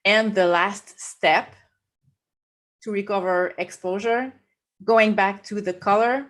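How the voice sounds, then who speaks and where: A woman's voice: mid-range voice, fairly even intonation, fairly bright tone. A woman with a French accent walking viewers through a photo edit step by step, laughing easily. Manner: slow, explanatory, laughs easily. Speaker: guest photographer. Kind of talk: live photo-editing demo.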